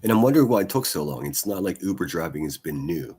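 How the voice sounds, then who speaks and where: A man's voice: deep voice, very animated, quick pace, warm tone, slightly rough. A man hosting a daily news livestream, chatting casually and rambling through the stories with repeated words and the odd swear. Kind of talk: casual commentary over news clips.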